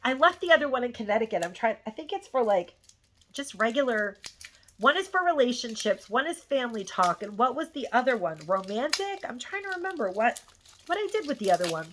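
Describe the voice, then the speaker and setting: A middle-aged woman hosting a casual haul vlog with a bright, forward tone and a somewhat high voice. She gushes over her finds and rambles freely, peppering her talk with "like" and "um". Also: very animated, a little fast, a little hiss or hum. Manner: gushing, rambling, lots of "like" and "um". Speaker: YouTube haul vlogger. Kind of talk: casual chatty haul review.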